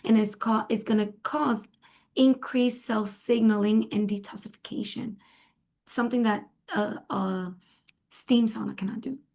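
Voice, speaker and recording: A woman's voice: on the high side, steady tone, a little slow, creaky, darkish tone. A woman who is a wellness clinic doctor, a guest answering interview questions and explaining through repetition and everyday comparisons.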